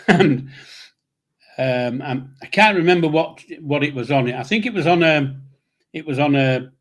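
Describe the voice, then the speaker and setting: Blunt and unfiltered, this older co-host chats casually on a live show in his Yorkshire accent, being from Yorkshire, England himself. His voice is a little high, with lively intonation and a slightly slow delivery.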